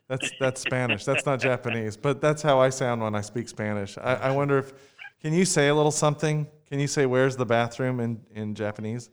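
A man's voice: medium pitch, normal speed, clear, resonant tone. A man hosting a podcast, chatting in a playful, joking way and laughing often. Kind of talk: casual chat.

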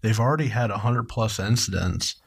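A man's voice: fairly low pitch, a little fast, gravelly, breathy edge. A man co-hosting a true crime podcast, reading parts of a case and asking his co-host questions about it. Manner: questioning, conversational. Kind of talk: true crime narration and discussion.

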